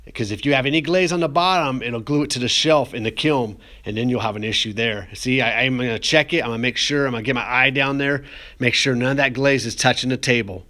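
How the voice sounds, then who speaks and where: A man's voice: medium pitch, fast, pushed and bright. A man teaching ceramics, talking through a glazing demonstration in a loose, rambling, joking way with many fillers. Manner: casual, rambling, says "getting emotional" as a joke. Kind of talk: classroom demonstration video.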